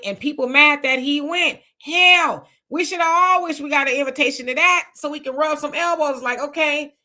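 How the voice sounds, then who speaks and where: Reading audience comments aloud on a laid-back live stream, this female host responds with bold, lively reactions. Her voice sits on the higher side.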